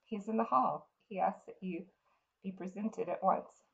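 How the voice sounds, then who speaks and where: A woman voicing a devoted young male soldier in a soft, respectful way, as she reads a fantasy novel. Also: medium pitch, moderate pace, vocal fry, highs cut off.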